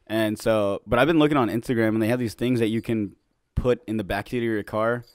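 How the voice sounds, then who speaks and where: Fast-talking man in casual podcast chat. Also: lowish voice, fairly even intonation, darkish tone, clear, resonant tone, no room sound, studio quality. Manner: laid-back, laughs often, swears casually. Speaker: podcast co-host.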